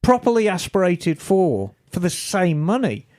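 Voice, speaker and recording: A woman hosting a podcast, chatting casually and reading listener emails in a lively, storytelling way. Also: on the low side, unhurried. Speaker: podcast host.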